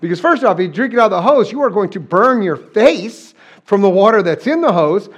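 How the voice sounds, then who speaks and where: High-voiced folksy middle-aged male pastor. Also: animated, fairly quick, highs cut off. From southern New Mexico, US. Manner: folksy and joking, with frequent restarts. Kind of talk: conversational sermon.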